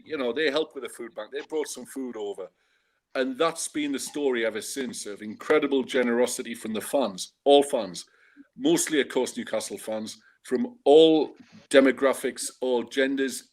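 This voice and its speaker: A man's voice: medium pitch, moderate pace. Chatty man telling a wry story. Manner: chatty, digressive, wry humour. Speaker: guest fan and food bank organizer. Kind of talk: casual anecdotal storytelling.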